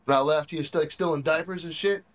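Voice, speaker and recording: A young man with a fairly high voice tells rough war stories, full of swearing and rambling asides. It sounds like a handheld camcorder recording made on a military base. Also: fast, low-quality recording. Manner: profane, rambling, laughs while telling. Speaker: soldier. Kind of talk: casual war story.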